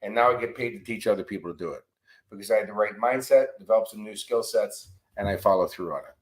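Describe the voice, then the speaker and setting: A man on a podcast as a guest coach and author, telling lively stories and acting out the exchanges he quotes. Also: lowish voice, quick pace, rough recording. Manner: animated storyteller, acts out quoted exchanges. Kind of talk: storytelling podcast interview. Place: abroad in Australia, remote interview.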